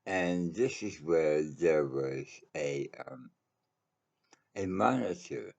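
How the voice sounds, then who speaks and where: A man hosting his own channel, telling a casual personal anecdote in a halting, rambling way with lots of fillers and the odd swear word. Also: a bass voice, lively intonation, creaky, a little mellow, lo-fi sound.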